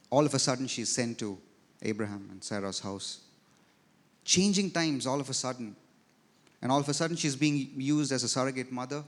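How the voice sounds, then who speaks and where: A man preaching a sermon as pastor, telling a story and swelling then dropping his voice for emphasis, in a church sanctuary. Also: mid-range voice. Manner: storytelling preacher, rises and drops in loudness for emphasis.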